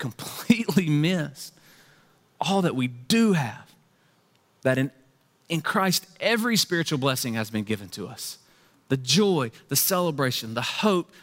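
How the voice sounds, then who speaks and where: A male pastor preaching a sermon in a conversational, animated way, with playful slang asides. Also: fairly high pitch, in a large hall.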